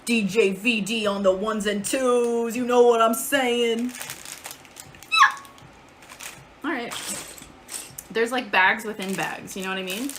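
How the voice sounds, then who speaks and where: A woman's voice: mid-range voice, a little slow, long pauses, noisy background. A woman streaming from home in casual live-stream chat, chatty, swearing casually and answering chat aloud.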